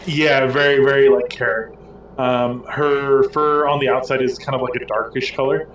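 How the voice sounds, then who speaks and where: A man's voice: mid-range voice, steady tone, normal speed, fairly bright tone, roomy sound, recorded from a distance, dull audio, slight background noise. A man running a tabletop game as game master, narrating casually with lots of fillers. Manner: loose and rambling, many fillers.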